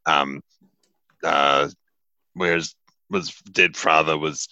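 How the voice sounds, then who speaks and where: Very deep-voiced rambling tabletop player. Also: male voice, steady tone, extremely slow, sharp tone, no echo, dull audio. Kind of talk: playing a tabletop game in character.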